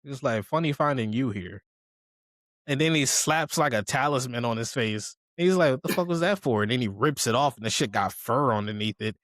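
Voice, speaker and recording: A man's voice: medium pitch, moderate pace, fairly bright tone, no echo. A man casually recapping an anime episode, acting out characters' lines with profane slang. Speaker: podcast co-host.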